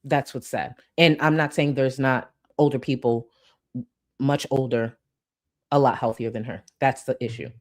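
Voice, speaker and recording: Low-voiced woman ranting sassily. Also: steady tone, moderate pace. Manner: sassy, mocking, talks back at clips. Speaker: commentary channel host. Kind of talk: reaction commentary rant.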